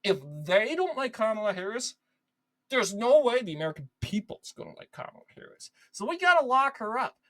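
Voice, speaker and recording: A woman's voice: on the high side, a bit bright, low-quality recording. A woman giving opinionated political commentary, emphatic and sarcastic, repeating her points for emphasis.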